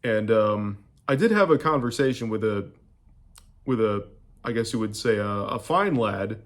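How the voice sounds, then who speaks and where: Young American male vlogger, low-pitched, chatty and meandering recap of a trip. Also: animated, measured pace. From United States. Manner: rambling, loose, with many fillers and restarts. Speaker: travel vlogger. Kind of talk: casual travel recap to camera.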